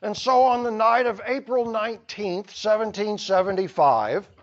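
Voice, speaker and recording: A man's voice: high voice, moderate pace, dull audio. A man teaching a history lesson to a class, telling the story with playful asides. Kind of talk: classroom lecture.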